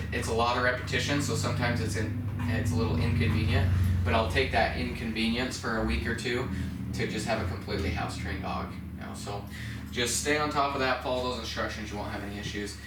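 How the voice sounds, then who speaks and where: A man working as a dog trainer, explaining house-training in a relaxed, casual way and praising the dog in a high voice now and then. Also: noisy background. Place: indoors at a home. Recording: echoey room, distant from the mic.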